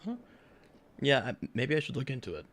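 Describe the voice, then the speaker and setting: A man's voice: medium pitch, big pitch swings, a little fast, fairly bright tone. A young man chatting casually with his stream chat while gaming, rambling, sarcastic and swearing a lot.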